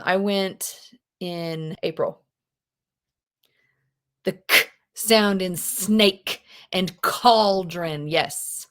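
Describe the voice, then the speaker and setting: A woman teaching a live online English class, chatty and expressive, with unhurried explanations. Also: mid-range voice. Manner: chatty, expressive, reads lines aloud dramatically. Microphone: video call.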